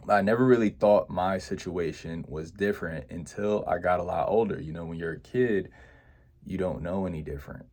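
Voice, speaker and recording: A man's voice: sits low, normal speed, a little mellow. A young man telling a personal childhood story to his viewers, reflective and full of "you know" fillers and restarts. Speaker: vlogger.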